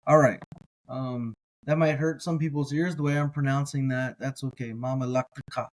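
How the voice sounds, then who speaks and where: A man teaching a slow word-by-word reading lesson, sounding out each syllable carefully and adding casual asides. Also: medium pitch, fairly even intonation, poor audio. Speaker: biblical language teacher.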